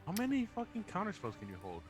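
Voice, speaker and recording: A man's voice: high voice, huge pitch swings, fast talker, music in the background. A man playing a tabletop game, teasing and joking with the others. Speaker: player. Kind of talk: casual tabletop game play.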